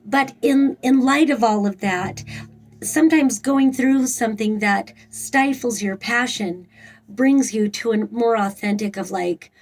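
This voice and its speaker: A woman's voice: fairly high pitch, a little slow, rough recording. A woman giving a casual tarot reading in a rambling way, with frequent fillers and blunt swearing. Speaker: tarot reader.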